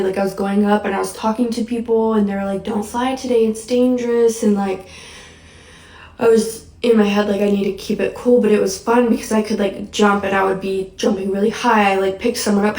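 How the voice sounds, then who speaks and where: Still shaken after crying, a woman casually recounts a nightmare, rambling and saying "like" again and again. Her mid-range voice is steady, fairly quick and a little mellow, recorded from a distance in an echoey room.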